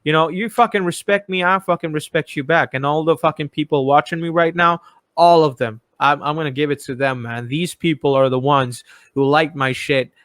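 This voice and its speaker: A man with an Indian accent hosts a casual streamed interview, swearing constantly and speaking with heated, animated emphasis. His voice sits slightly high. The sound is dry and close to the mic. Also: moderate pace, no room sound. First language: Bengali. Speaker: host.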